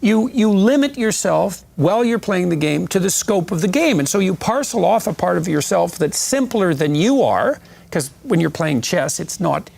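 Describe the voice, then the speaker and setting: A man with a fairly high voice lays out abstract ideas in measured, lecture-style talk. He builds his points slowly through analogies, and there is a gravelly edge to his tone. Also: sing-song, darkish tone. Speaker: speaker in a played clip.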